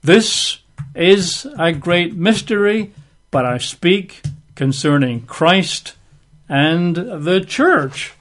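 A man preaching a verse-by-verse Bible teaching, unhurried, stretching key phrases and slipping in casual asides with fillers. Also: on the high side, a bit bright.

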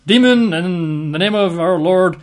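A man's voice: high-pitched, unhurried. A man voicing overconfident disciples who boast and then command a spirit to leave. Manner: brash, boastful. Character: overconfident male disciples failing at an exorcism.

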